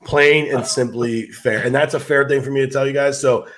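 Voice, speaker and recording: A man's voice: mid-range voice, fairly even intonation, a bit bright, a little hiss or hum. A man talking golf betting picks in casual podcast chat, emphatic and stumbling over repeated words. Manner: quick, stammering repeats, emphatic.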